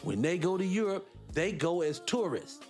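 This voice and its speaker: A man hosting a radio talk show, arguing his points in an animated, rhetorical way and repeating himself for emphasis. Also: sits high, moderate pace, faint music behind. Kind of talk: opinionated solo radio talk.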